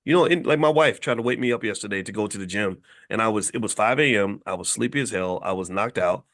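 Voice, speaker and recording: A man's voice: fairly low pitch, fast talker, a bit bright. A middle-aged man from Kentucky giving a blunt, lecturing casual monologue as a commentator host. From Louisville, Kentucky.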